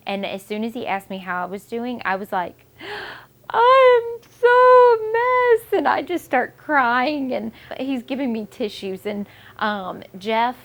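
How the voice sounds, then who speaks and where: A young woman, a new mother, talks openly to the camera in a personal vlog. She is emotional and candid, rambling through her thoughts with plenty of fillers and restarts, in a voice of middling pitch.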